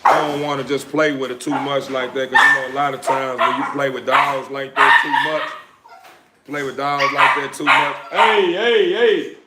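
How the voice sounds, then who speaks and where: A dog breeder chats casually on a live stream indoors while handling the dogs around him, in a laid-back drawl; he repeats phrases and occasionally hollers sharply at them. His voice is medium-pitched and level at normal speed, and the room is echoey with faint noise.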